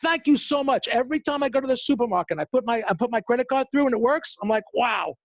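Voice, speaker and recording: Animated, emphatic motivational speaker man. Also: fast talker, no room sound. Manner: animated storytelling, acting out quotes with big pitch jumps; repeats words for emphasis. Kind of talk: motivational webinar talk.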